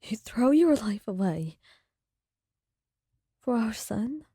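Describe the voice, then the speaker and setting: A woman playing a commanding woman undone by fear, her soft, breathy whisper trembling as she pleads in whispered role-play. Slow, warm and close in a dry space. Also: fairly high pitch, sing-song, no echo, exaggerated voice. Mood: desperate. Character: stern powerful woman, shaken and grieving.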